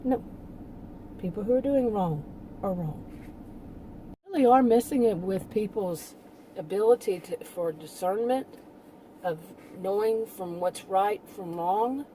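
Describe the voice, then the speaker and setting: Woman, rambling casual monologue, very dark mellow tone, faint hum behind. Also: medium pitch, a little slow, pauses often, low-quality recording. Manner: rambling, with frequent laughs and restarts. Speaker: channel host.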